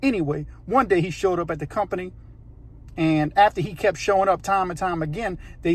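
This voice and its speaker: A man's voice: high-pitched, breathy edge. A man, hosting his channel and telling a story emphatically, talking straight to the viewer. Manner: emphatic, addresses the viewer directly. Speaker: channel host. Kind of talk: storytelling narration.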